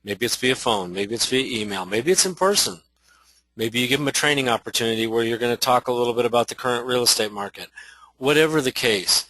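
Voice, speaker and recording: A man's voice: medium pitch, pushed and bright, no room sound, rough recording. A man giving an instructional talk to real estate agents, conversational, with many restarts and rhetorical questions.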